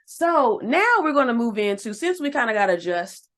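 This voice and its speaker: A woman co-hosting a relationship podcast in casual chat, acting out quoted lines in a higher voice. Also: moderate pace. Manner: animated, acts out quotes in a higher voice. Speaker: podcast co-host.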